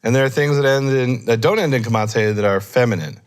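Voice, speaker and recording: A man explaining grammar in a relaxed teaching discussion, thinking aloud and correcting himself as he goes. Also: medium pitch, fast talker. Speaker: Hebrew scholar teaching.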